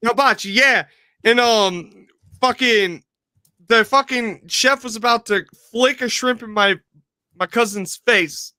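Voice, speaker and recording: A man's voice: extremely high pitch, takes it slowly, pushed and bright, no room sound. A man co-hosting a casual podcast, telling rambling, profane stories. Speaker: podcast co-host. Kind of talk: casual chat.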